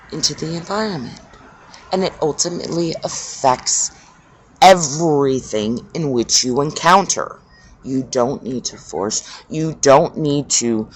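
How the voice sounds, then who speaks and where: Slow, swooping voice of a spiritual speaker. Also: medium pitch, breathy edge. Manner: emphatic, preachy, swears freely; repeats phrases in drawn-out cadences. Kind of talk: impassioned spiritual monologue.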